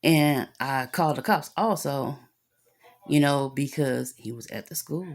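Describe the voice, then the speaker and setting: A woman's voice: a bass voice, unhurried. A woman, telling a story about her son in an angry rant full of profanity. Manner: angry, profane, talks with lots of cussing.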